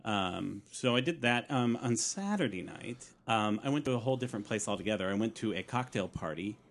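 Male podcast host, lowish voice, rambling casual chat full of ums. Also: animated, fairly quick, a little hiss or hum. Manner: chatty, laughs often, trails off with fillers.

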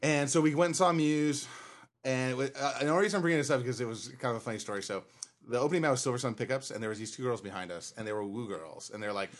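A man in a loose podcast chat with friends. His voice is mid-pitched, and he rambles through a story with a lot of swearing, acting out what everyone said. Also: racing. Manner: rambling storyteller, swears freely, acts out quotes. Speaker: podcast co-host. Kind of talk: casual chat.

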